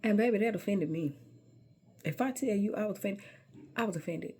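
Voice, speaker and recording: A woman's voice: mid-range voice, brisk, mellow, husky. A middle-aged woman telling a personal story in a sassy, emphatic way, often calling the listener baby.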